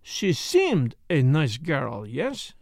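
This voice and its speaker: Poirot, a man doing a fussy excitable detective. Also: high voice, unhurried, no room sound, studio quality, exaggerated voice. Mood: probing. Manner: precise, emphatic, muttering to himself. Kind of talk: audiobook character voice.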